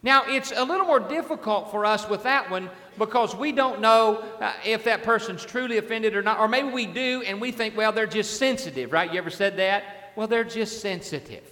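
A man's voice: sits high, moderate pace, hardly any pauses, bright, forceful tone, long reverb tail. A man preaching a sermon as a pastor, in a conversational way, often repeating his words and asking the congregation questions.

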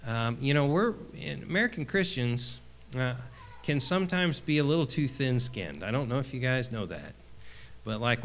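A man's voice: mid-range voice, a bit bright. A man delivers a folksy sermon in a loose, conversational way. He stumbles through restarts and fillers, and often asks his congregation for an "Amen?". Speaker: preacher.

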